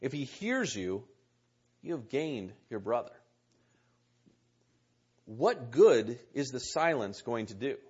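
A man's voice: medium pitch, sing-song, takes it slowly, pauses often, a little mellow, breathy edge. A man preaching a sermon in earnest, repeating key words and reading scripture aloud. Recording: muffled lo-fi recording.

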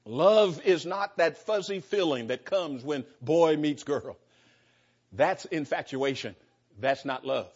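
An older male pastor preaching with an emphatic, rhythmic cadence, often repeating words as he builds a point. His voice sits a little high for a man. The recording sounds dull and lo-fi. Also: animated, slow, breathy edge. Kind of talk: sermon.

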